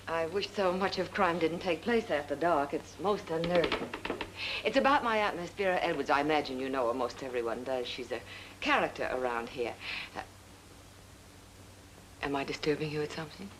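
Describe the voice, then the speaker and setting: An actress playing a composed young woman asking for help, speaking in a polite, cool and measured 1940s film style. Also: sits low, lively intonation, a bit bright, slight background noise, rough recording.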